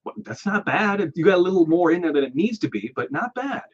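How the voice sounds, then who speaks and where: A man's voice: sits high, sing-song, a little fast, breathy edge. Upbeat man hosting a radio show. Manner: upbeat, spells names letter by letter. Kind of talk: casual on-air chat. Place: radio studio. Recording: slightly muffled studio audio.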